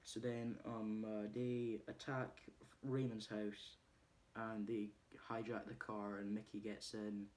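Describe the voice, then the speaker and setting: Man, lowish voice, loose rambling plot recap full of fillers. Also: little pitch movement, takes it slowly, a little mellow. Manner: rambling, many ums and uhs, laughs while retelling scenes. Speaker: movie reviewer.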